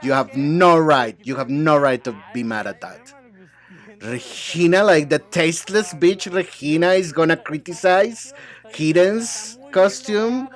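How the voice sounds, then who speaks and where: A man with a slightly high voice dubs reality-show banter into English by himself, sounding animated and a little slow. As a translator, he switches between several speakers, sassy and bickering.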